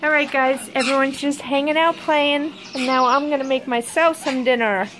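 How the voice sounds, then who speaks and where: A woman filming her pets at home for a casual vlog, cooing at them in high sing-song baby talk. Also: moderate pace, noisy background. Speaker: pet owner filming her animals. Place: home with caged birds and pets. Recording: loud bird squawks and clicks behind. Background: birds squawking.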